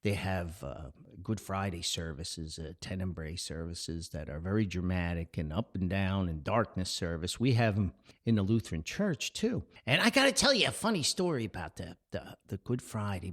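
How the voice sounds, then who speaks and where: A man's voice: on the low side, fairly bright tone. A middle-aged man from the United States hosting a podcast, telling family stories in a chatty, rambling way, full of stammered restarts. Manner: chatty and repetitive, frequent stammered restarts, breaks into laughs. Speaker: podcast host. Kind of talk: rambling personal storytelling.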